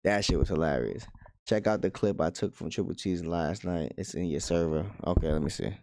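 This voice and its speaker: A man's voice: low-pitched, brisk, gravelly, darkish tone, no room sound. A man hosting a casual livestream, talking loosely in slang and laughing often as he reacts to his chat. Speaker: livestream host.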